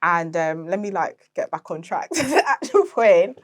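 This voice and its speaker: Her fairly low voice has a sing-song lilt and a moderate pace as this young woman, founder of an interior decor company, chats as a podcast guest. In the casual interview she tells stories, leans on filler words, and laughs a lot.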